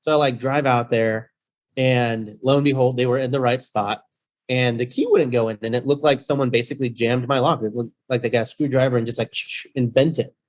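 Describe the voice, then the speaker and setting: A man of Mexican heritage, a rental-business guest on a podcast, telling a story in a playful, animated way with acted-out quotes. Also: mid-range voice, brisk. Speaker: guest, short-term rental host. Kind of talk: casual storytelling.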